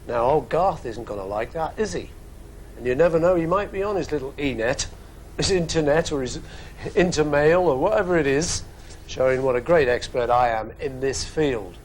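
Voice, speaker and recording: A man's voice: fairly high pitch, expressive, moderate pace, slight background noise, poor audio. A man in his fifties with a Liverpool accent answers fan questions in a casual studio webcast, chatty and joking with wandering asides. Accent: Liverpool English. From England. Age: 50s.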